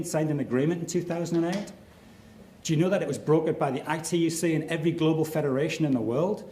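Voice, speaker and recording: A middle-aged man giving a formal, measured and emphatic debate speech full of rhetorical questions, heard in a large lecture hall. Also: fairly high pitch, warm tone, slight background noise. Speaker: debate speaker. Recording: echoey hall recording.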